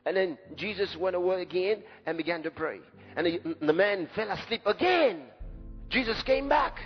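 Male preacher going all out, dramatic and shouty at times, long hall echo, faint music behind. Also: sits high, lively intonation, normal speed. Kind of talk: sermon. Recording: dull lo-fi recording in a reverberant hall with faint music.

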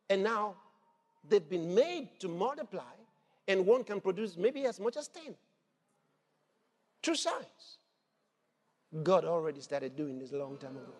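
High-voiced preacher in a reverberant hall. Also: male voice. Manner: animated, laughing, shouting at peaks. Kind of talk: sermon. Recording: long hall reverb with faint music.

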